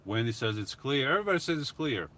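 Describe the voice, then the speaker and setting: This middle-aged man hosts a live Q&A from his van via phone, reading viewer comments aloud and answering in relaxed conversation. He talks fast at a medium pitch, with big pitch swings and a pushed, bright sound.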